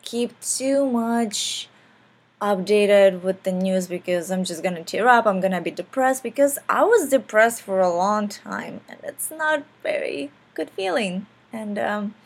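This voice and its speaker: A woman talks loosely to her viewers, stringing thoughts together with a steady stream of fillers. Her voice has an ordinary pitch for a woman, and the delivery is relaxed and unscripted. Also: a little slow. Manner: rambling, heavy on fillers. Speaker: vlogger. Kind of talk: casual talk to camera.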